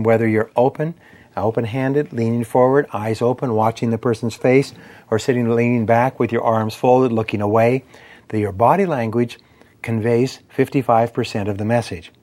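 A man delivering a motivational lecture on persuasion, measured and emphatic, ticking through points in steady lists. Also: medium pitch. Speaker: speaker on persuasion and sales.

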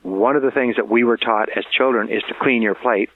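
A middle-aged motivational speaker gives an earnest talk on parenting, repeating key words for emphasis and chuckling at his own stories. His medium-pitched voice is steady and fairly quick. The audio is tinny and phone-like, with a little hiss or hum.

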